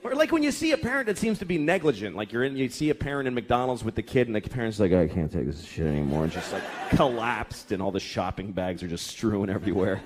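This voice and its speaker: A man's voice: medium pitch, lively intonation, quick pace, few pauses, noisy background. A man doing a stand-up routine, telling stories in a profane, exasperated way. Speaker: stand-up comedian.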